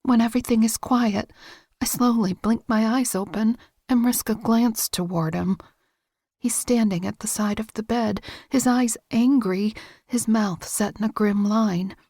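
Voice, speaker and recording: Woman reading an audiobook, gravelly fry, dead dry sound, kinda high. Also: no room sound. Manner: steady, intimate, measured reading. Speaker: audiobook narrator. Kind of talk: first-person audiobook narration.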